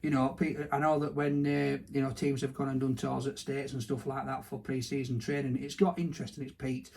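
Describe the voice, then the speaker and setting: A man's voice: medium pitch, flat delivery, fairly quick, creaky, a little mellow. A man with a broad Barnsley Yorkshire accent, co-hosting a casual chat about sport. He talks in a chatty, self-mocking way, restarting his sentences as he goes. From Yorkshire, England. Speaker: podcast co-host.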